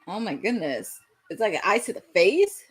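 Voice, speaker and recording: A young woman hosting a live wrestling watch-along, giving excitable play-by-play commentary that bursts into shouts at big moments. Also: medium pitch, moderate pace, husky.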